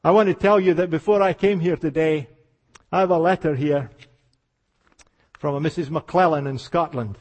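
An older man preaches with a high, ringing voice that fills a large hall with long reverb. His revival sermon flows as passionate storytelling, sinking to near-hushed tones before rising into fervent exclamations. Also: moderate pace, long pauses.

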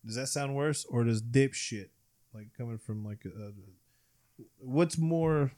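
Young male host, crude casual chat, mid-pitched, drifts quiet at phrase ends. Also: a little slow. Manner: crude, questioning, trails off quietly.

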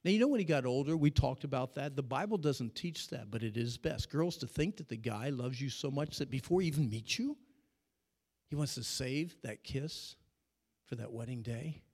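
A middle-aged man preaching an animated sermon to young people, swinging between shouting and hushed storytelling. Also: medium pitch, normal speed. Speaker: youth speaker. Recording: long reverb of a large hall.

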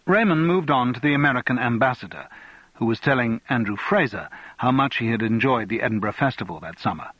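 Husky male audiobook narrator. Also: medium pitch, animated, fairly quick, dry recording, muffled recording.

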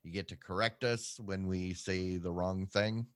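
This podcast co-host keeps a fairly even intonation in a clean tone, though with quick pitch jumps, captured in a dry, studio-quality recording. He chats casually, rambling and self-deprecating.

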